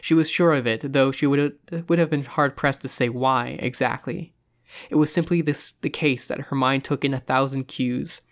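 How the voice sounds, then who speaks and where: Casting: suspenseful horror audiobook narrator, measured delivery, middle pitch. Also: steady tone. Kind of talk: horror story reading.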